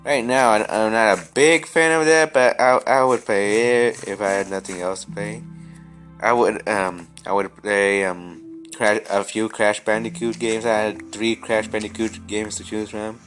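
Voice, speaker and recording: Young man, lowish voice, rambling gameplay chat, faint music behind. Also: steady tone, unhurried, fairly bright tone. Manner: rambling, many restarts and stammers. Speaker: gaming vlogger. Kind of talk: casual chat while playing.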